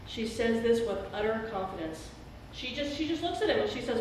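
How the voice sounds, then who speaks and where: A woman's voice: medium pitch, animated, moderate pace, hardly any pauses, background noise. A middle-aged woman pastor preaching an earnest, emphatic sermon in a church sanctuary. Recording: very echoey church hall, speaker far from mic.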